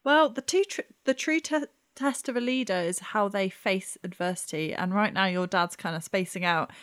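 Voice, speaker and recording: A woman playing a tabletop game in character, talking in a playful, teasing, drawn-out way. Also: medium pitch, fairly bright tone. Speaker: player. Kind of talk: tabletop role-play, in character.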